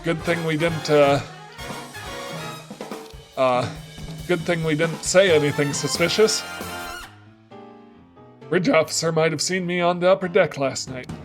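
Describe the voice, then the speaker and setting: A man's voice: on the high side, unhurried, pauses often, over music. A man narrating his moves in a story game, thinking aloud and reading out choices. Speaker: let's play streamer.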